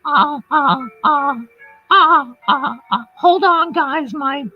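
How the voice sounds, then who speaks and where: A woman's voice: high-pitched, slow, no echo, pitched above the performer's own voice. A woman putting on the voice of a ditzy, stammering woman she mocks, stumbling over repeated filler words. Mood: whiny babbling. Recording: dull lo-fi audio with music.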